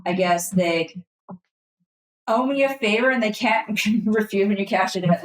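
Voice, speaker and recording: A woman's voice: mid-range voice, measured pace. A woman playing a tabletop game in a playful, giggly way. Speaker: player. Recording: roomy echo.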